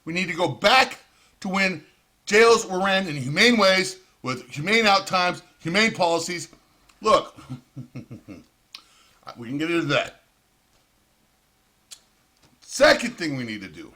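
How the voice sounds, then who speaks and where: A man's voice: sits high, animated, measured pace, long pauses, sharp tone. A man ranting in profane, heated commentary with sarcastic outbursts. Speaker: vlogger.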